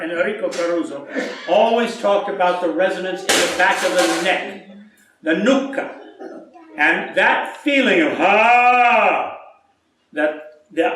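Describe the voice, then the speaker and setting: A man's voice: high-pitched, fairly bright tone. A man, a voice teacher coaching a singer in a masterclass, talking with animation and singing short demonstrations. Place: recital hall. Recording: echoey hall, distant mic.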